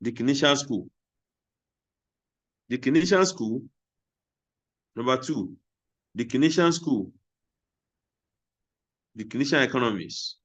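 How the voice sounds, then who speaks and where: A man teaches a class and pauses on key terms. He repeats them slowly several times so students can take notes. His voice sits at an ordinary middle pitch, and he often poses a question before answering it himself. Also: expressive, fairly bright tone, lo-fi sound. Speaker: lecturer. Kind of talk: classroom lecture.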